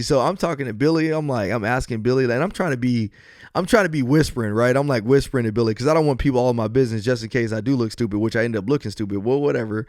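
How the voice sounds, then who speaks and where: A man's voice: mid-range voice, fast talker, darkish tone, dry recording, studio quality. A man hosting a podcast on his own, earnest and encouraging, then joking as he tells a story. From US West Coast. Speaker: podcast host. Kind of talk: solo podcast talk.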